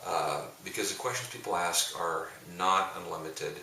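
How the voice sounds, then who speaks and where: Man, middle-aged, pastor, deep voice, forceful tone, jokey rambling storytelling, distant mic, faint hiss. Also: normal speed, vocal fry, roomy sound. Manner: jokey, rambling, with frequent restarts. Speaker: pastor and coach. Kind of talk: casual storytelling talk.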